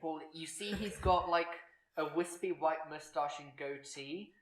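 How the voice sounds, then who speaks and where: A man's voice: a little high, measured pace, recorded from a distance. A man running a tabletop game as game master, narrating in a rambling, hesitant way. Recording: echoey room, off-mic.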